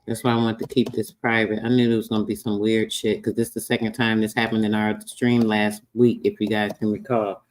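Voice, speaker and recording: A man's voice: fairly low pitch, little pitch movement, a little fast, few pauses. A man hosting a casual livestream, talking loosely and swearing as he reads old records aloud. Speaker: livestream host.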